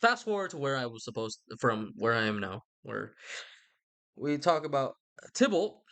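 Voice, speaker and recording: A man's voice: mid-range voice, sing-song, normal speed, fairly bright tone. A man rambles through a comic retelling, swearing freely and breaking off for asides. His voice swings widely and animatedly. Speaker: vlogger.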